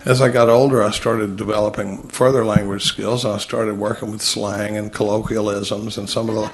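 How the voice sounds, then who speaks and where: A man's voice: fairly low pitch, level tone, moderate pace, slight background noise, close to an everyday voice, low-quality recording. A man voicing a talking male hound dog in a joke, who brags about his life in a chatty, matter-of-fact way. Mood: boastful. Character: well-spoken talking male hound dog, boastful storyteller.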